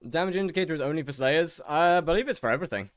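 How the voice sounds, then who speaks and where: A man's voice: on the high side, rapid-fire, no echo, studio quality. A young man from England, streaming a game and bantering sarcastically with his chat. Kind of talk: casual chat with viewers while gaming.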